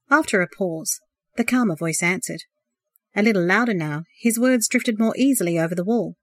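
A woman narrating a novel as an audiobook, in a measured, expressive reading. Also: medium pitch, no echo.

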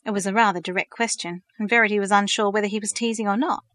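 Brief: female storybook narrator, steady even read, mid pitch, dry close mic. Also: fast talker, dry recording.

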